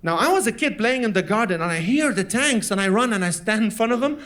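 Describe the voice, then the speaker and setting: A man's voice: high-pitched, animated, quick pace, fairly bright tone. A man from Lebanon performing a stand-up comedy set, telling stories and acting out his parents in voices. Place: comedy stage before a laughing audience.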